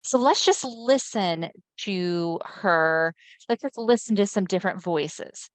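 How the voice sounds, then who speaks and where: A woman's voice: medium pitch, dry recording. A woman giving a webinar presentation over a video call, speaking conversationally and often checking in with her listeners. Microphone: video call mic.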